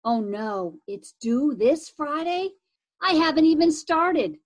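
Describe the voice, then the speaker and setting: A woman voicing a slangy, excitable red-headed boy from a storybook who loves his scooter. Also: high-pitched, takes it slowly, voice pushed up. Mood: excited. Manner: slangy and excitable, says "radical".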